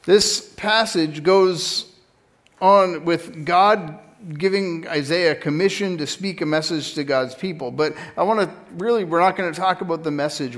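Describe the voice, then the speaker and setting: A man's voice: fairly high pitch, fairly bright tone. A man preaching a sermon in a conversational teaching style, often stopping to correct himself. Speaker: pastor.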